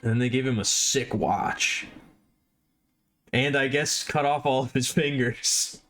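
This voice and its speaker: A man's voice: mid-range voice, unhurried, fairly bright tone. A man livestreaming, rambling casually and poking fun at himself while chatting with his viewers.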